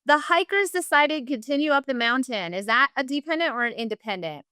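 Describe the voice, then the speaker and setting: A high, bright woman teaching online with a lilt. Her voice is clear and smooth, recorded dry and close. She keeps an upbeat, encouraging tone throughout. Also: expressive, fairly quick, no echo. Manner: upbeat, encouraging, uses "y'all". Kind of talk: virtual class lesson.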